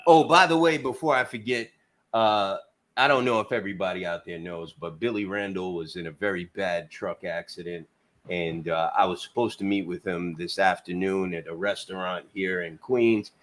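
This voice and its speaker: A man's voice: deep voice, fairly even intonation, normal speed, a bit bright. A man hosting a casual trucking talk show over a video call, blunt and teasing, with plenty of swearing and "uh" fillers. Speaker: podcast host. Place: Queens, New York.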